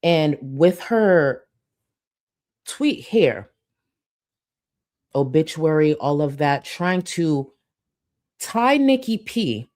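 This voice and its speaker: A woman's voice: low-pitched, animated, drawn-out words, pauses often, a little mellow. A young woman hosting a casual commentary livestream, chatting and reading out supporter messages. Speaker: livestream host.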